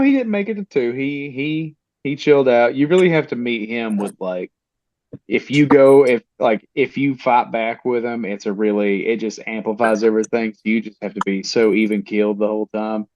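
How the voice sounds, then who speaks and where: A man co-hosting a podcast in casual chat, animated and laughing often as he tells stories. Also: mid-range voice, moderate pace, no echo, lo-fi sound. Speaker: podcast co-host.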